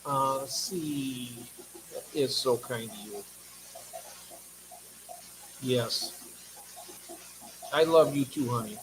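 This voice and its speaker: A man's voice: mid-range voice, drawn-out words, pauses often, fairly bright tone, slight background noise, poor audio. Man, livestream host, casual chat, tired, reads comments aloud, affectionate.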